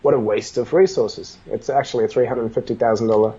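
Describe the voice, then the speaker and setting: A man telling business stories in a casual interview, animated, acting out the dialogue as he goes. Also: medium pitch, fast, breathy edge, highs cut off. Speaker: business guest.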